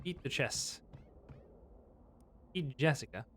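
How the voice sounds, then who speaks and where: A man's voice: mid-range voice, big pitch swings, moderate pace, pauses often. A man streaming a game live, reading the text aloud and joking through it. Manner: playful, swings from reading game text to loud outbursts.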